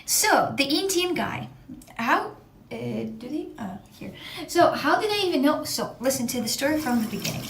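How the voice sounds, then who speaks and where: A woman's voice: sits high, sing-song, moderate pace, slight background noise. A young woman from Russia telling a rambling story in casual chat, laughing often and swearing. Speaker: streamer.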